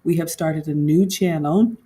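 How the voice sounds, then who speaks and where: A woman's voice: deep voice, measured pace, mellow, husky. A woman from Africa, a home cook and food vlogger, chatting casually on a livestream and talking straight to her viewers. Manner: chatty, addresses viewers directly.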